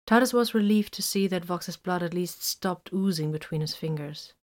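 Woman reading a story in a low voice. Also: moderate pace. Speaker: narrator.

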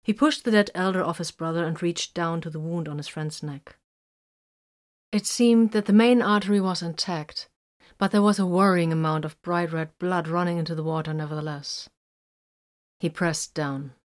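A woman reading a story aloud in a steady, measured narration. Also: lowish voice.

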